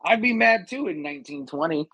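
A man's voice: on the high side, animated, brisk, sharp tone, no room sound. A man co-hosting a podcast in casual chat, swearing freely and ranting with heat. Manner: profane, heated rants. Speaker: podcast co-host.

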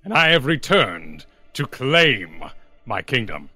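A man playing a proud exiled male chieftain who makes slow, grandiose declarations. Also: medium pitch, big pitch swings, pushed and bright, husky, no echo, soft background music, heavily acted.

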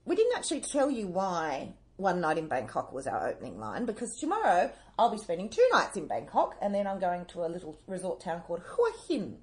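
A woman's voice: lowish voice, wildly swooping pitch, fairly quick, hardly any pauses, darkish tone. A woman, co-hosting a casual chat show and telling stories, often laughing as she talks. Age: 40s. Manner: chatty storyteller, laughs while telling stories. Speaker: podcast co-host.

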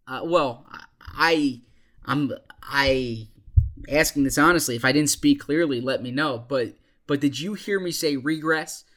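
A man co-hosting a casual sports podcast, speaking in a halting, self-conscious way. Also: medium pitch, a bit bright. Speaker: podcast co-host.

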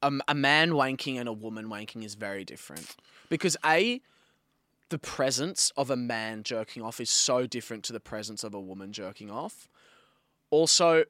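A man chatting casually as a podcast co-host, acting out the voices in a story he retells and swearing freely. His voice sits at an ordinary pitch. The sound is dry and close. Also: lively intonation, moderate pace, sharp tone, dry recording. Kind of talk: casual chat.

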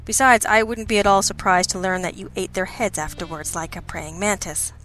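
A wry, cynical male detective partner, as a woman reader puts him on, speaking in a dry, sardonic way. He needles his partner with deadpan remarks. Soft music plays faintly behind the storybook reading. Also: mid-range voice, a little fast, natural voice.

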